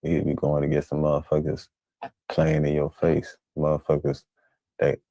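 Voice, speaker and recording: A man with a very deep, dark voice gives profane, blunt reactions in street slang. He sounds dry and close, with no room around him. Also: completely flat delivery, moderate pace, gravelly, dry recording. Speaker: reaction streamer. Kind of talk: casual profane commentary.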